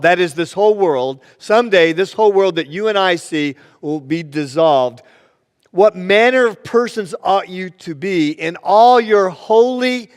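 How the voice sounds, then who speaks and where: A man preaching from the pulpit with a notably high voice. His sermon rings through a church sanctuary with a long reverb tail, and he moves easily into storytelling, acting out the people in his stories. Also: clean tone. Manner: storytelling, plays the joke with voices. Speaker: pastor.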